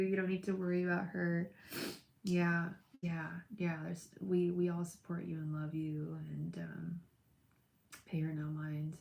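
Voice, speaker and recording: A woman's voice: on the low side, flat delivery, a little slow, creaky, roomy sound, highs cut off. A young woman chatting with viewers on a live tarot stream, gushing and emotional, calling people by name. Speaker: livestream tarot reader.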